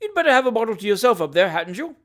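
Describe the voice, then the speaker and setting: A jolly old country gentleman as the reader plays him, loud and hearty, rattling off brisk orders. He is bustling and good-natured, bellowing at his servant in this classic-novel audiobook. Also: mid-range voice, very animated, pitched above the performer's own voice.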